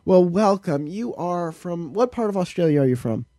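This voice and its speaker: Jokey man hosting, warm dry tone. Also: high-pitched, lively intonation, normal speed, no echo. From United States. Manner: jokey, upbeat, lots of laughter. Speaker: podcast host. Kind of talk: casual interview.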